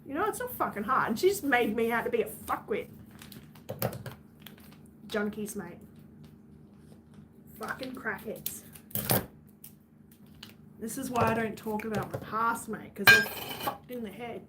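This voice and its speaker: A woman's voice: on the high side, takes it slowly, pauses often, heavy background noise. An Australian woman chatting casually on her livestream, venting bluntly to her viewers and swearing freely.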